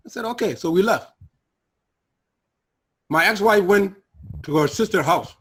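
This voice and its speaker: A middle-aged man tells his personal testimony in an earnest, emotional way. His voice sits a bit high for a man and has a husky, breathy edge. He sinks low and quiet when the memories turn hard. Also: animated, normal speed, long pauses. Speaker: guest sharing personal testimony.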